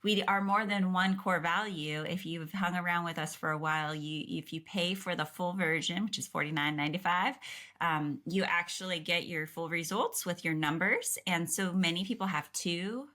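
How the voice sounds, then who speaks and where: A middle-aged woman, a podcast co-host and clinician, talking in a lively, direct way and quick to clarify. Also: fairly low pitch. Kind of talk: casual explanatory chat.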